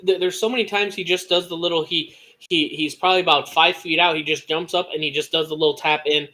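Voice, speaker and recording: A young man with an American Midwest accent co-hosting a casual sports podcast, talking excitedly and rambling with lots of restarts. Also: on the high side, fast talker. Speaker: podcast co-host.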